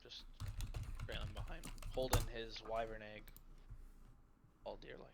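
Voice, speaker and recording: Gravelly man with keyboard clicks behind. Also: on the low side, measured pace. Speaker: player. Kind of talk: casual chat at a gaming table. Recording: noisy mic with keyboard clicks.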